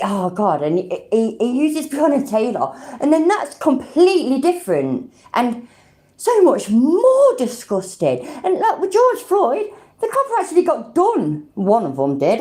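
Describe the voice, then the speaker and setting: With a warm, medium-pitched voice, a woman with a British accent hosts a livestream of casual reactions, swearing bluntly and addressing her chat.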